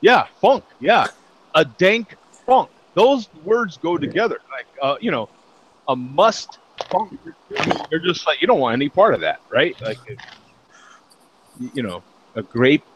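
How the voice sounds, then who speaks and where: A man's voice: on the high side, very animated, a little slow, long pauses, slight background noise, rough recording. A man hosting a casual beer chat show, laughing often and joking as he reads out tasting notes. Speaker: podcast host.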